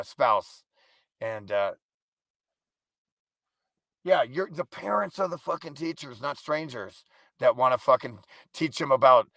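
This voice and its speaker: Gravelly, forceful man ranting profanely. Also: medium pitch, no echo. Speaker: live stream host. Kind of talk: ranting live stream monologue.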